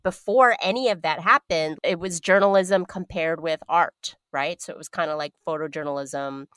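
A woman co-hosting a podcast in casual chat, animated and jokey. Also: sits low, moderate pace, no room sound, studio quality. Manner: animated, jokey, acts out quoted voices. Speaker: podcast co-host.

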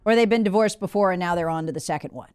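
A woman's voice: on the low side, very fast, smooth, no echo, studio quality. A woman hosting a talk show, delivering an emphatic, opinionated monologue and reading out listener comments. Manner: animated, conversational, emphatic.

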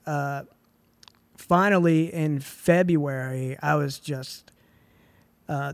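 A young man with a somewhat higher voice tells his story on a podcast, loose and chatty, full of filler words. The sound is dry and close. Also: no room sound. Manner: relaxed and chatty, full of "like" and "dude". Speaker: film writer and director, podcast guest. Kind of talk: casual storytelling in a podcast interview.

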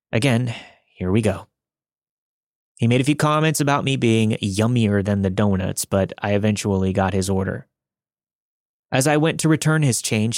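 A man with a low voice narrates true creepy encounters in a steady, measured way. The sound is dry and close, with no room around it. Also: no echo. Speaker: podcast narrator reading listener stories. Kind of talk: scripted narration.

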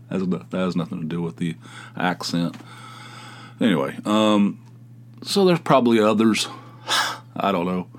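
Measured and pausing often, this low-pitched American man rambles through a casual solo episode of his podcast. He wanders between thoughts and pokes fun at himself.

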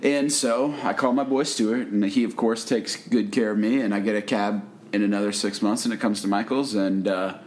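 A man's voice: on the low side, fairly even intonation, normal speed, few pauses, a little mellow. A man co-hosting a casual chat who tells stories and laughs along. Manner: storytelling, laughing. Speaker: podcast co-host.

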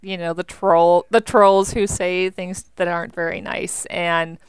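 A young woman, a veteran, chatting in an interview with an animated, talkative manner full of "like". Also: on the low side, a little slow, clean tone, no room sound. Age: young adult. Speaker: veteran guest. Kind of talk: interview conversation.

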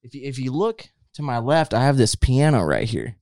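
A man hosting a casual chat, playful and quick to laugh. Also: mid-range voice, sing-song, darkish tone, no room sound, clean studio sound. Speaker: host. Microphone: studio mic.

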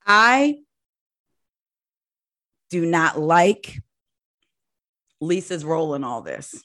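A woman's voice: deep voice, takes it slowly. A woman co-hosting a casual chat, laughing often and egging her friend on. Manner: lively, laughs often, eggs her partner on.

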